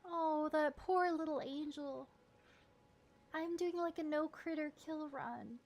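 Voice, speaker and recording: A woman's voice: high-pitched, slow, a little mellow. A woman giving casual gameplay commentary, emotive and jokey, laughing often and swearing freely. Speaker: let's-play gamer.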